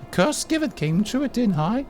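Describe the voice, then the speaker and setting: A man's voice: sits high, sing-song, moderate pace, darkish tone, soft background music, voice pushed up. A man voicing a hunched, rash-covered undead creature who talks like a ten-year-old girl, using broken grammar and ending lines with "hi". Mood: odd, childlike.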